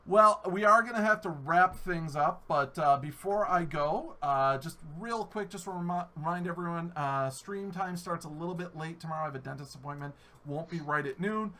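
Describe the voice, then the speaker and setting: An American man hosting a live-stream podcast, animated and jokey, swearing freely. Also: on the high side, moderate pace. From United States. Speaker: podcast host. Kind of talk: casual live-stream chat.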